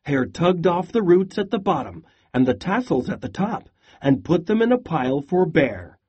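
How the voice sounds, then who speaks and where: A man reading a storybook aloud and posing reading questions, in a slow, expressive storytelling manner. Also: on the high side, breathy edge. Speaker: storyteller and teacher.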